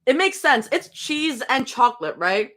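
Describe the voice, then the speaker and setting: A woman's voice: high-pitched, sing-song, normal speed, a bit bright. A young woman streaming from home, chatting casually and rambling between snacks during a live reading. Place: home room.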